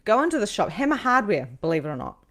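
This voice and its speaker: A woman tells a personal story at a mid pitch. Her voice rises and falls widely as she acts out what people said. The talk is casual and candid, with a swear word here and there. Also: fast talker. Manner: animated, acts out quoted lines, swears casually. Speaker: psychic host.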